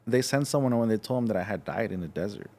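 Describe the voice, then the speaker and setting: Young adult man from Los Angeles, podcast guest, frank halting storyteller. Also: lowish voice, expressive, vocal fry, mellow. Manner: frank, halting, acts out voices in his story. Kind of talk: casual storytelling.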